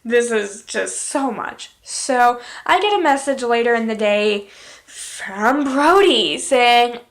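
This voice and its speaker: A woman's voice: a little high, expressive, slow. A woman vlogger telling a personal story in a candid, exasperated way, with blunt swearing. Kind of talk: casual story time.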